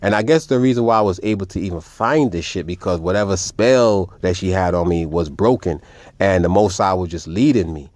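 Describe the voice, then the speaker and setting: A man telling a personal story in a casual, animated and profane way, often calling his listeners "family". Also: sits low, a little fast, no echo. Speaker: vlogger.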